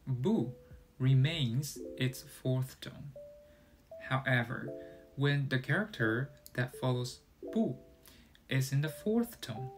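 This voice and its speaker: Male tutor, unhurried, mid-pitched voice, walks through sounds one by one over guitar music. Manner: careful, demonstrating sounds one by one. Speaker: Chinese language teacher. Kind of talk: slow explanatory language lesson.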